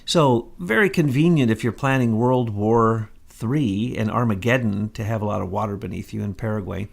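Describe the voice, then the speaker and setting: A man's voice: lowish voice, moderate pace, gravelly. A man co-hosting a political talk show, talking confidently in sweeping, conspiratorial claims. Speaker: co-host.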